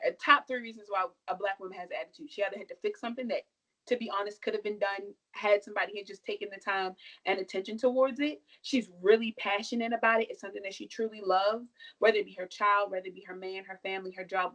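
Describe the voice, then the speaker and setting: A young woman speaking emphatically and forcefully as a podcast guest, building each point with passion and sass. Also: medium pitch, fairly even intonation, fast talker, low-quality recording. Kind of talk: impassioned podcast discussion.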